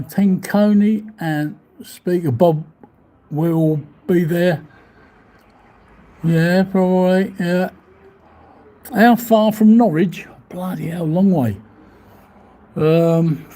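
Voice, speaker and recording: Here a vlogger reads his live chat from a hotel room overlooking the seafront, his high voice carrying a dark tone. He chats casually and rambles, laughing often and letting out mild swears as he goes through the comments.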